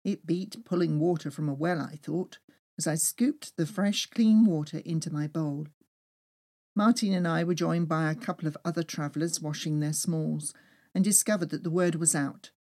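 Lowish woman reading a travel memoir. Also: moderate pace. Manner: lively, expressive storytelling. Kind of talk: first-person memoir reading.

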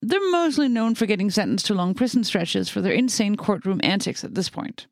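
A woman's voice: medium pitch, animated, brisk, gravelly, dry recording, studio quality. Wry, blunt woman co-host. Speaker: podcast co-host. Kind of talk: scripted podcast narration.

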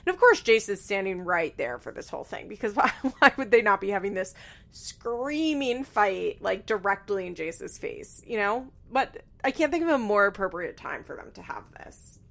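A woman's voice: mid-range voice, very animated, moderate pace, creaky, fairly bright tone. A woman giving a casual, chatty recap with lots of fillers and swearing. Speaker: reality TV recap host. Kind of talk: casual commentary.

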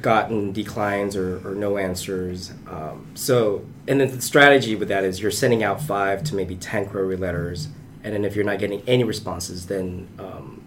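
An aspiring novelist with a lowish, steady voice speaks at a moderate pace during a panel discussion. His talk is casual and rambling, full of restarts and fillers, with a little hiss or hum in the recording.

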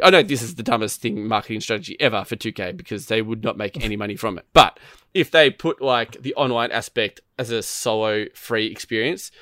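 A man's voice: on the low side, dry recording, studio quality. A man chatting casually about a video game, telling rambling stories with plenty of swearing. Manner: rambling, profane, animated storytelling. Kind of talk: casual gaming chat.

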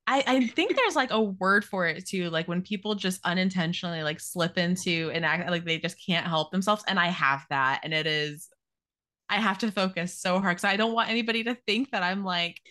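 An American woman from Arizona talks as a guest author in a casual podcast chat. She is animated and self-deprecating, her voice lowish yet bright. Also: a little fast.

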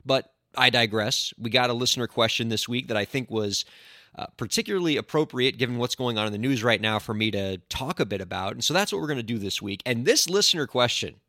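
A man hosting a solo podcast as an entertainment lawyer, talking in an animated, indignant way with playful sarcasm into a close microphone. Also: mid-range voice, fast, no echo.

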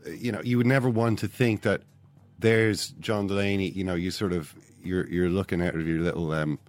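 An Irish man hosting a sports podcast, talking in a mock-solemn, deadpan way. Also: deep voice, a little fast. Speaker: podcast host. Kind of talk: deadpan mock-serious chat.

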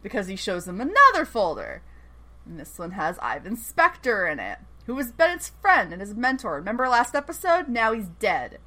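A woman co-hosting a casual recap podcast, with a lively voice that swings widely in pitch. She is excitable, laughs often and swears casually. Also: normal speed. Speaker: podcast co-host.

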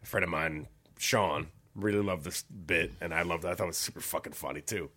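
A man casually telling a rowdy story on a podcast, swearing freely and jumping into high-pitched voices when quoting people. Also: brisk. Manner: animated, swearing, acts out voices with big pitch jumps. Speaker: podcast co-host.

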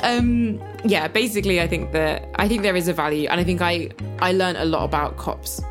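A woman's voice: on the low side, fairly quick, over music. A woman co-hosting a podcast, chatting casually and frankly, with plenty of "like" and "um" fillers and the odd swear word. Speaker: podcast co-host and climate activist. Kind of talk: casual chat.

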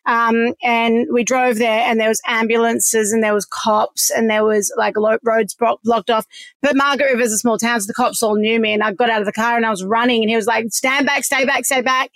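A woman's voice: a little high, little pitch movement, a little fast, dry recording. An Australian woman in her forties, candidly telling a personal story, swearing freely and laughing through hard memories. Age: 40s. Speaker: podcast guest.

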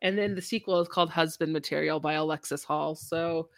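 A woman's voice: sits low, fairly even intonation, brisk, no room sound, clean studio sound. A woman co-hosting a podcast, recommending a book in casual, rambling chat with many fillers. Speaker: podcast co-host.

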